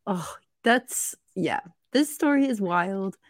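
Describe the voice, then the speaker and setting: A young woman chats on a podcast, answering her co-host's story with quick, blunt reactions. Her voice is at a middle pitch. It is recorded close and dry, with no room sound around it. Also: animated, no room sound. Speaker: podcast co-host. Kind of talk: casual chat, reacting.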